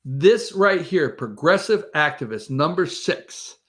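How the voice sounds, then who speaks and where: A man's voice: fairly high pitch, lively intonation, slow pace, few pauses, bright, forceful tone. A man hosting a political talk show, rambling and opinionated, mocking the people he quotes. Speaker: host.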